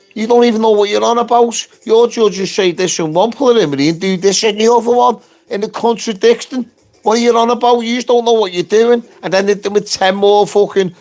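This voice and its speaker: A man rants on a live stream about work and the people above him, swearing constantly. His delivery is blunt and combative, and his voice is somewhat higher than most men's. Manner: ranting, heavy swearing, blunt. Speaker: construction worker and union activist. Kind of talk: angry live-stream rant.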